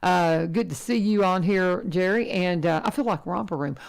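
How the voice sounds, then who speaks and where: A middle-aged woman hosting a casual radio chat, talking in a chatty, animated way and laughing often. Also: on the low side, normal speed, vocal fry. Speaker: radio host.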